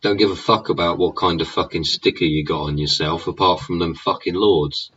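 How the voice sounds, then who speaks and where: A man's voice: sits low, fairly even intonation, brisk, fairly bright tone, breathy edge, far from the mic. An English man in a sweary, sneering political rant, throwing in "yeah?" and "innit?" as he goes. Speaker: vlogger. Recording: dull sound, away from the mic.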